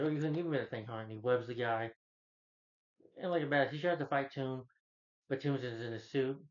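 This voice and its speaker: A film reviewer recaps a movie's plot in casual, rambling speech, frequently pausing to correct names and retelling scenes with "he's like" quotes. His voice is at an ordinary middle pitch, and the recording sounds dull and slightly lo-fi.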